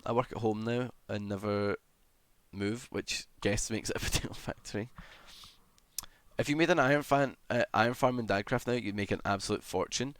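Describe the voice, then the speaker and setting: A young adult man chats casually on a live stream, rambling and self-deprecating. He swears freely and hums to himself between thoughts. His voice sits on the low side, recorded dry and close to the mic. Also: normal speed, a bit bright, clear, resonant tone, dry recording. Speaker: livestreamer.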